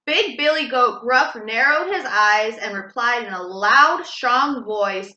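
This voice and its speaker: A woman reads a children's storybook aloud, slow and sing-song, with a lively, high voice. Her bright tone rings in an echoey room. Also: muffled recording.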